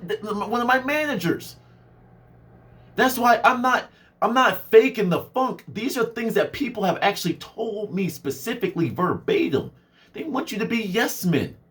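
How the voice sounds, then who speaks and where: A man vlogging a casual, animated rant, swinging his voice up and down and mimicking people he talks about. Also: sits high. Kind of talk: casual ranting monologue.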